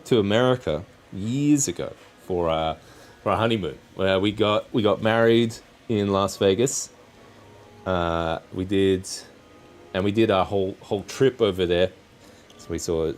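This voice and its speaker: Rambling low-voiced man live-streaming. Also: a little mellow. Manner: rambling, self-correcting, chatty. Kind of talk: casual live-stream chat while crafting. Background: faint background music.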